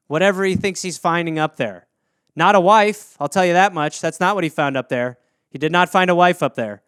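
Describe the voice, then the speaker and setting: A man hosting a comedy podcast, riffing in an animated, profane, rambling way into a close studio mic. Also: high voice, fairly quick, clear, resonant tone, no echo. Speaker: podcast host.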